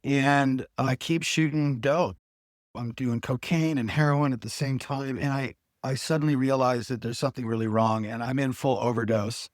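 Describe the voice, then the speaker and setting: A man's voice: medium pitch, steady tone, normal speed, dry recording, studio quality. A middle-aged man, a podcast guest, telling his personal story in casual talk, acting out the people he quotes. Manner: earnest storytelling with quoted dialogue.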